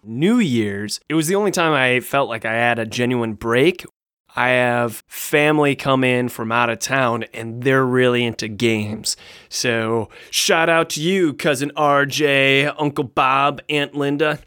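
A man co-hosting a podcast about board games, chatting in an animated, enthusiastic way. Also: mid-range voice, measured pace, clean tone, no room sound, studio quality. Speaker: podcast co-host. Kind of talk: casual chat.

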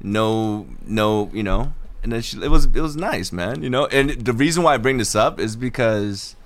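A man's voice: medium pitch, expressive, moderate pace. A man co-hosting a podcast, telling a story in a laid-back way with lots of fillers and restarts. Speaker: podcast co-host. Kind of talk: casual podcast banter.

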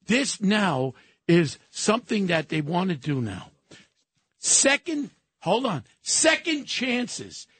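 A man in his seventies ranting angrily on a political talk radio show, often shouting. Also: sits high, very animated, takes it slowly, breathy edge. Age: 70s. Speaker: radio co-host.

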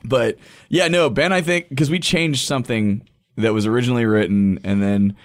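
A man's voice: mid-range voice, normal speed. A man co-hosting a podcast in casual chat, telling stories with lots of laughter. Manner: laughing, animated storyteller. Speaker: podcast co-host.

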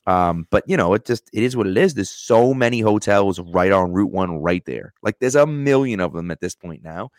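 Low-voiced man explaining, dry sound. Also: moderate pace, few pauses, dry recording. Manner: relaxed, explains things, says "right?" often. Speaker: podcast co-host. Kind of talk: casual chat.

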